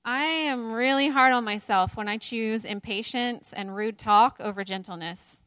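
A woman's voice: fairly high pitch, a little slow, a bit bright, clean tone, no echo. A woman in her thirties leading a Bible study, talking candidly about faith and motherhood and laughing often at herself. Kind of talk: teaching a women's Bible study.

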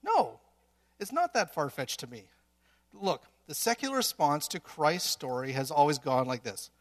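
A man's voice: fairly high pitch, very animated, normal speed. A man preaching a sermon in earnest, building to emphatic peaks with some restarts.

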